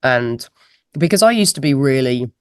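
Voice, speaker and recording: Her voice rumbles low with a darkish tone, animated and at a normal speed. She's a guest musician in a casual interview, laughing and self-deprecating, picked up by a laptop mic on a video call, though the result is studio quality with no room sound.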